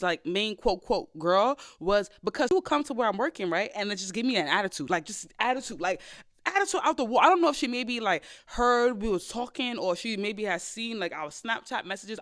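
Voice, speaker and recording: A young woman hosts a chatty podcast and tells her dating stories quickly. Her pitch leaps up for loud exclamations and drops low for muttered asides. Her delivery is casual and unfiltered. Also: animated. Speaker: podcast host. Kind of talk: casual storytelling chat.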